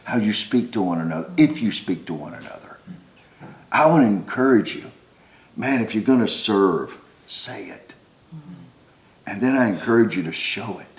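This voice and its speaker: Middle aged pastor guy, lowish voice, jokey then earnest, echoey church room. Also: animated, moderate pace. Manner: wisecracking, then earnest exhortation. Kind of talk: sermon with joking asides. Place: church stage.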